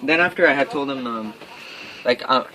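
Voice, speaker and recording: It's a low-quality recording with a little hiss or hum: a young man from Quebec, vlogging outdoors from a camper at night. His mid-range voice sounds pushed and bright at a moderate pace, and he stumbles nervously through his story with fillers and restarts.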